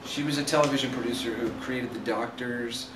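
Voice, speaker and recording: A man's voice: mid-range voice, steady tone, fairly quick. A man, an actor and director, chatting eagerly as an interview guest and readily plugging his own work. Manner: eager, self-promoting, chatty. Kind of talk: casual interview chat. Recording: echoey room, mic at a distance, faint ambient noise.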